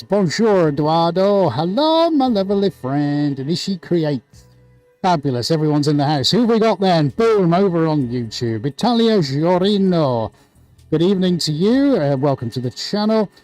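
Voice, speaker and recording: A man's voice: fairly high pitch, darkish tone. A man hosting a live art stream from his studio, chirpy and jokey, with music playing behind.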